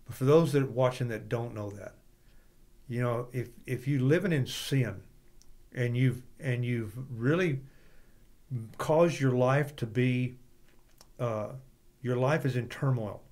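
A man leads a relaxed Bible discussion with a conversational, chatty delivery. He leans on small fillers and keeps the tone informal. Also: mid-range voice, measured pace, pauses often. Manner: loose and chatty, leans on "you know". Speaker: Bible class leader.

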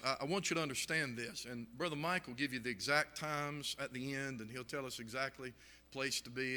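In a church sanctuary, a guest preacher speaks fervently and emphatically at a meeting, peppering his words with "and, uh" fillers. His medium-pitched voice is sharp, with a big-room sound.

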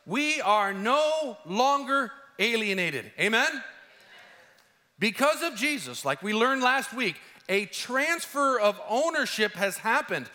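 A man preaching a sermon as a pastor, telling stories in a lively way and stretching out key words for emphasis. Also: very high voice. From Arizona, USA. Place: large church hall. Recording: long church-hall reverb.

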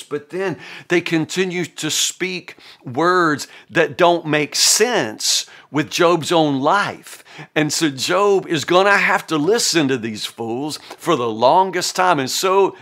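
A man talks through an old text in a loose, chatty Bible commentary. His voice is bright and forceful and sits a bit high for a man. He repeats words and restarts sentences, using plenty of fillers as he goes. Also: expressive, unhurried. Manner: conversational, many fillers and stammered restarts. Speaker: podcast host, Bible teacher. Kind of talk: casual Bible reading commentary.

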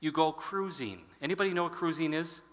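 In a large church hall with long reverb, a pastor in his fifties preaches to his congregation with a fairly high, brisk voice. He is animated, telling stories and putting questions to the room.

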